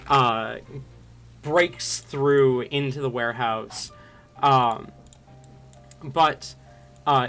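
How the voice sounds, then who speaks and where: A man runs a tabletop game, narrating slowly and stopping on uh and um between phrases. His voice is bright and clear. Soft music plays beneath him. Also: mid-range voice. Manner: slow, halting narration full of fillers. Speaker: game master.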